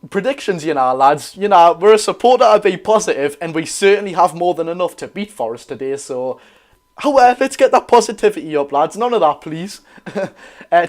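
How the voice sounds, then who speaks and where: A young man with a Geordie accent hosting a live football watch-along, chatting excitably with viewers while chesty and coughing. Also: fairly high pitch. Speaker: football fan channel host.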